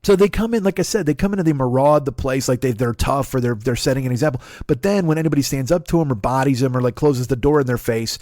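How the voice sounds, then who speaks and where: A man's voice: mid-range voice, lively intonation, quick pace, hardly any pauses, a little mellow, dry recording, studio quality. A man in his forties, a comedian hosting his own show, ranting with heavy swearing and mocking voices. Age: 40s. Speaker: comedian podcast host. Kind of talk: profane comedic rant.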